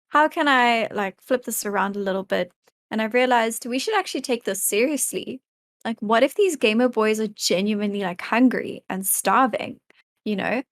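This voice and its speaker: A woman's voice: medium pitch, no echo. Laid-back, amused woman guest, dry sound. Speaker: streamer guest. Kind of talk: casual interview chat.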